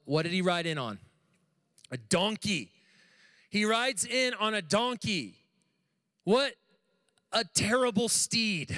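A young adult man preaches with lively energy, often tossing questions to his congregation. His voice sits fairly high for a man. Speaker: pastor. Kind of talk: sermon.

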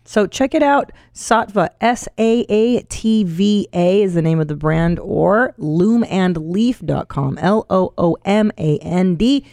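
A woman's voice: mid-range voice, expressive, slow, few pauses, dark tone, no echo, studio quality. A woman co-hosting a comedy podcast, reading a sponsor ad in an enthusiastic, chatty way. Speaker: podcast co-host reading ads. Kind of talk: casual ad read.

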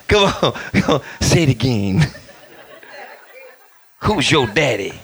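A man in his fifties, a guest pastor preaching a lively storytelling sermon, acting out voices and shouting lines for effect. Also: medium pitch, husky. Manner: animated, acts out voices and shouts for effect, laughs often.

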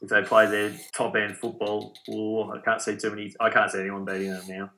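A man's voice: fairly low pitch, brisk. An Australian man co-hosting a casual podcast, analysing football in a loose, filler-heavy way. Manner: relaxed footy analysis, many fillers. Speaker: podcast co-host. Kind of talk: casual chat.

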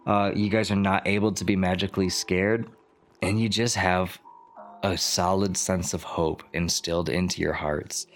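A man running a tabletop game as game master, narrating scenes in an animated storytelling way. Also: deep voice, normal speed, faint music behind.

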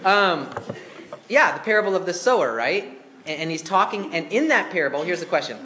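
A man's voice: high voice, animated, a little fast, bright, forceful tone, a little hiss or hum. Conversational male pastor preaching. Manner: asks the congregation questions, conversational. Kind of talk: interactive sermon. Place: church.

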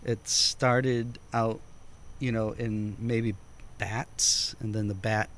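A man's voice: on the low side, level tone, takes it slowly, fairly bright tone, a little hiss or hum. A man hosting a casual chat, explaining at length with hesitant restarts.

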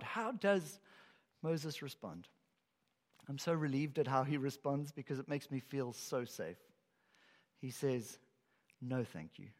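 A man preaching a sermon as a pastor, telling the story in an animated way and acting out the lines he quotes. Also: high voice. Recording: echoey hall with long reverb.

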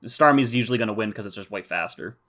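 A man's voice: fairly low pitch, fast talker, sharp tone. A man co-hosting a casual podcast, recapping episodes with nerdy attention to detail. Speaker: podcast co-host.

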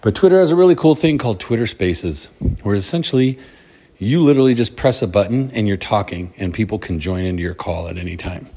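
A man's voice: on the low side, expressive, a little fast, warm tone. A middle-aged man talking alone on his podcast in a casual, upbeat, motivational way, rambling and restarting his sentences as he goes. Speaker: podcast host. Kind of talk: casual solo podcast monologue.

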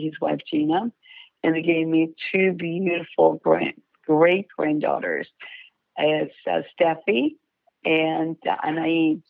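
A woman's voice: low-pitched, gravelly, dry recording. An older woman, a folk dance director, talking proudly and at length as a guest on a radio show. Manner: warm, proud, rambling storyteller. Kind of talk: casual radio interview. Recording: tinny phone line, dry.

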